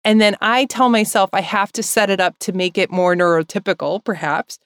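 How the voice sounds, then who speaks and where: A woman's voice: medium pitch, fairly even intonation, fairly quick, a bit bright, clean tone, no echo, clean studio sound. A woman co-hosting a podcast in casual, heartfelt chat, rambling and emotional, laughing often and tearful. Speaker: podcast co-host.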